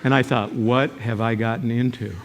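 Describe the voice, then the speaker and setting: A man's voice: medium pitch, moderate pace, a little hiss or hum. Older man with a reverberant hall sound. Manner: animated storytelling, joking, sudden loud outbursts. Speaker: character education teacher and speaker. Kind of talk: motivational talk to a live audience.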